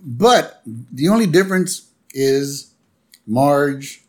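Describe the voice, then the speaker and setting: Casting note: easygoing male podcast co-host, joking recap, middle pitch. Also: very slow. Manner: relaxed, joking, retells scenes. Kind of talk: casual chat recapping a cartoon episode.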